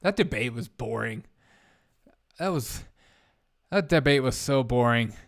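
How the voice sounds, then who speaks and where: A man's voice: medium pitch, animated, measured pace, vocal fry. A young man hosting a casual live stream, rambling bluntly and reading out viewer comments. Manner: blunt, rambling, reads chat aloud.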